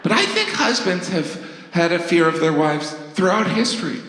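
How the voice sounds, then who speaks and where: Deadpan middle-aged comedian, lively voice. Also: male voice, sits high, moderate pace. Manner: deadpan, self-deprecating. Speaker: stand-up comedian. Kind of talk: stand-up comedy. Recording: echoey hall with distant pickup.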